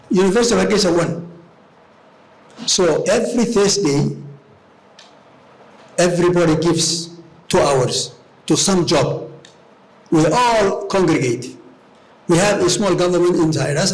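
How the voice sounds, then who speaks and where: A man giving a public lecture in a university hall, rallying his listeners and repeating words as he searches for them. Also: fairly high pitch. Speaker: guest lecturer.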